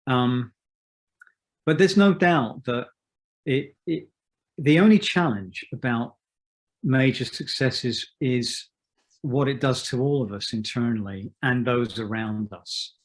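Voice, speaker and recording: A man in his fifties, a musician being interviewed, who talks in a thoughtful, measured way with many restarts. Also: mid-range voice. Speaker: musician guest. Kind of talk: reflective interview talk.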